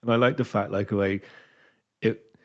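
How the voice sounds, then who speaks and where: A man on the low side, talking at normal speed, casually shares a game story as a dungeon master and podcast co-host. He animatedly acts out what his players said, and the recording is dull and lo-fi.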